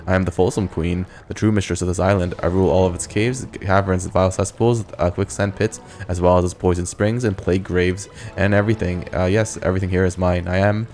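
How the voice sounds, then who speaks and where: A vain, petulant female demon of filth brags and whines about her stolen cave, voiced by a man in his own low voice. The delivery is quick, with faint music underneath from the fantasy game. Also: steady tone, darkish tone. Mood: smug. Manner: whiny, boastful, slurring.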